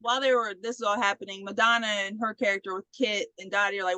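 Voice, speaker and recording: A woman's voice: medium pitch, fast, clean tone, no echo, rough recording. A young woman co-hosting a podcast, retelling a movie in casual chat and acting out the characters' lines. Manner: animated retelling, acts out characters' lines, frequent "like". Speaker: podcast co-host.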